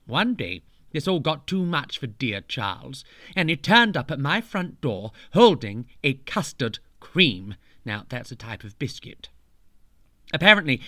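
A man's voice: medium pitch, bright, forceful tone, dry recording, studio quality. A man narrating a storybook tale in a camp, playful, mock-grand way, full of cheeky asides.

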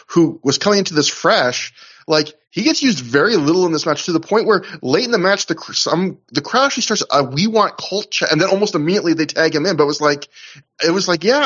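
Rambling podcast guy, lo-fi sound. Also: on the high side. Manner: rambling, many fillers and restarts, animated. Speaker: podcast co-host. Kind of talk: casual podcast chat reviewing a wrestling show.

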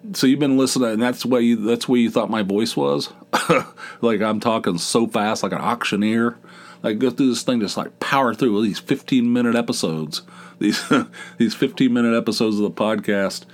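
A man hosting his own podcast in a casual, rambling, self-deprecating monologue, with a big dopey voice and many restarts. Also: medium pitch. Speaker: podcast host.

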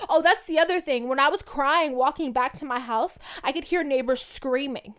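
A woman's voice: high-pitched, normal speed, few pauses, fairly bright tone. A young adult woman co-hosting a podcast, telling a long story in casual, slangy, profane chat. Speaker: podcast co-host.

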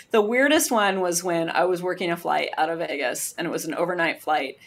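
A woman who works as a flight attendant, telling a story in a lively, laughing way as a podcast guest. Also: fairly low pitch, moderate pace, gravelly. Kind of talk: casual storytelling.

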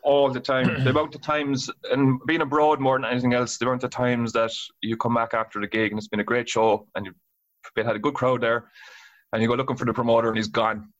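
A man's voice: mid-range voice, fairly bright tone. An Irish man in his thirties, a band guitarist, telling tour stories casually, swearing a lot and laughing as he goes. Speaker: band guitarist and singer, guest. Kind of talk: casual storytelling. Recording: dull lo-fi sound.

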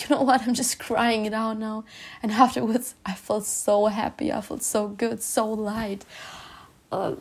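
Earnest woman with a gravelly fry. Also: medium pitch, a little mellow. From Spain. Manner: halting, with frequent restarts and earnest reassurance. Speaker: self-healing vlogger. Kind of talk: personal heartfelt talk to camera.

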